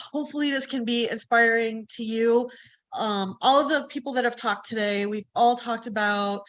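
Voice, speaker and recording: A woman's voice: a little high, a bit bright. A woman speaking on an online summit, nervous and laughing, with many ums. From United States. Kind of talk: nervous personal talk.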